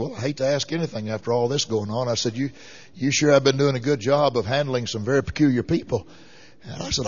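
A man's voice: mid-range voice, breathy edge. Folksy man preaching, muffled lo-fi sound. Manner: folksy storytelling, rising to fervent exhortation. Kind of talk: sermon storytelling. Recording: muffled lo-fi recording.

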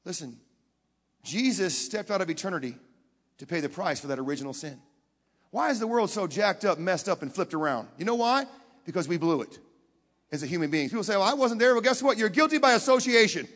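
Dramatic high-voiced preacher in a reverberant hall. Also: male voice, expressive, quick pace, a faint crowd. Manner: dramatic storytelling, swings from hushed to loud; talks directly to the audience with questions. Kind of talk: sermon.

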